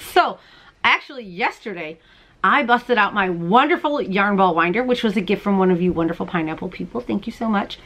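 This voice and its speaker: A woman in her thirties hosting a crochet and knitting podcast, chatting casually to camera at home, bubbly and quick to laugh. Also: fairly high pitch, fairly bright tone. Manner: chatty, bubbly, laughs often, talks to viewers as "you guys". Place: at home, indoors.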